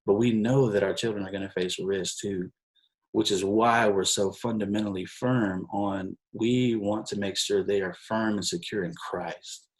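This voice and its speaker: Halting, fairly low-voiced man. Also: rough recording. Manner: halting, repeats words while searching for them. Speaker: adoptive father, guest. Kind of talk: casual conversation.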